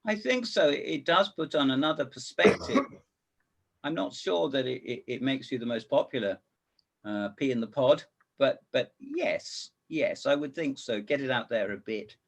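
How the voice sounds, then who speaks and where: A man's voice: mid-range voice, lively intonation, normal speed, vocal fry. A middle-aged man talking as a guest, wry and bookish, with old-fashioned turns of phrase. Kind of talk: casual chat.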